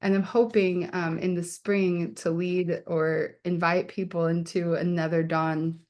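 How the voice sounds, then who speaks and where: A woman's voice: lowish voice, flat delivery, a little slow, a little mellow. A woman poet hosting her book launch on a video call, talking casually and candidly with lots of fillers and laughter. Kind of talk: casual chat.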